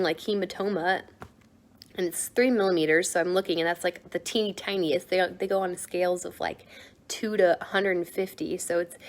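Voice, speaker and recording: A young American woman vlogging, retelling events in a chatty, animated way with lots of "like" fillers. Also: on the low side. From United States. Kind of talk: casual storytelling.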